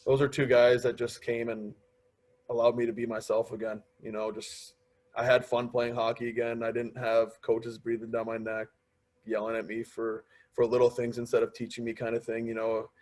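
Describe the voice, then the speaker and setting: A young man in his twenties speaks as a podcast guest in a relaxed, conversational way. He tells long personal stories and drops into quick impressions of the people in them. His pitch sits in a middle range. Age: 20s. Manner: storytelling, quoting others in lively asides. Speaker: podcast guest, pro hockey player. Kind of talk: casual interview chat.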